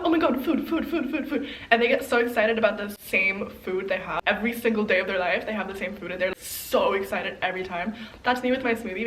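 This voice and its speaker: A woman's voice: medium pitch, a bit bright, slight background noise. A young woman chatting casually through her makeup routine, rambling with lots of fillers and giggles. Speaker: beauty vlogger. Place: home, getting ready on camera.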